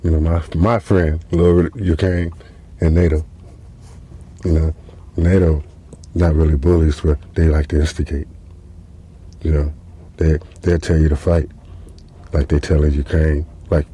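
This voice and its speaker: A man's voice: extremely low pitch, flat delivery, measured pace, pauses often, warm tone, breathy edge. A man hosting a podcast, telling a comic story in a casual, profane, rambling way with lots of fillers. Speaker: podcast host. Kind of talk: comedic storytelling monologue.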